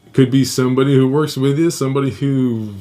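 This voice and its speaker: This young adult man hosts a podcast, rattling off a personal story at a fast clip with a mellow, medium-pitched voice and fairly even intonation. He's casual and profane, laughs often, and raises his voice to act out quotes.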